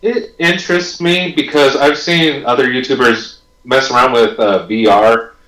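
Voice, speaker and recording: A male co-host chatting on a podcast, making crude jokes and talking in an animated way. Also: medium pitch, measured pace, reverberant, rough recording. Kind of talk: casual podcast chat.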